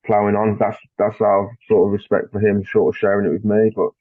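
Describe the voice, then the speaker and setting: A man guest on a podcast, telling a story in casual chat, animated and swearing, acting out what people said. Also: on the low side, brisk, husky, no room sound. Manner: animated, swears, acts out dialogue. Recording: dry tinny phone-like line.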